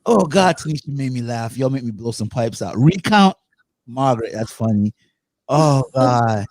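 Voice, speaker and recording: A man hosting a casual panel talk show, animated and laughing, repeating phrases for effect. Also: medium pitch, normal speed, dry recording.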